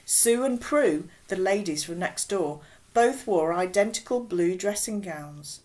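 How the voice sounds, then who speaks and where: A woman reading a children's novel aloud with expressive, unhurried storybook narration. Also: medium pitch. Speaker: audiobook reader.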